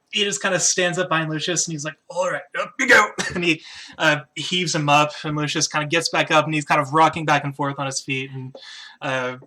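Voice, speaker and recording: Bright-voiced male game master. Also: on the high side. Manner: casual, halting narration with frequent fillers. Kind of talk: narrating a tabletop game.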